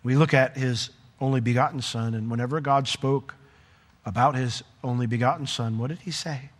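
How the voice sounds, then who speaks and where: A man preaching a sermon in a conversational, animated way, with asides to the congregation. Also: medium pitch, normal speed, big-room sound. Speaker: pastor.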